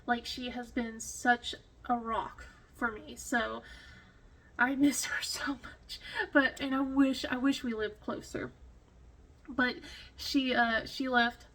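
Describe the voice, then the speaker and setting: A woman vlogger telling a rambling story in casual chat, full of fillers and restarts, emotional and quick to laugh. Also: a little high, fairly even intonation, a bit bright. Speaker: crafting vlogger.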